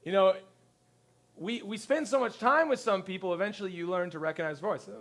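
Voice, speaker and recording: High-voiced pastor preaching conversationally. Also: male voice, fairly quick. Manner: lively storyteller who acts out quotes. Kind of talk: conversational sermon. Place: church service before a congregation.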